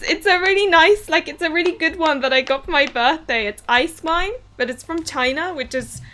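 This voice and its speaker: A woman's voice: a little high, sharp tone. A young woman live streaming a game, giggly and hyper, chatting casually with her viewers.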